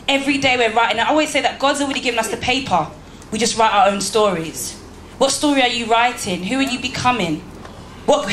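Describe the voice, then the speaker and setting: A motivational speaker addresses a live crowd in a church hall, pressing her points hard and throwing rhetorical questions at them. Her slightly high voice is a bit bright, with a little hiss or hum and faint ambience in the roomy space.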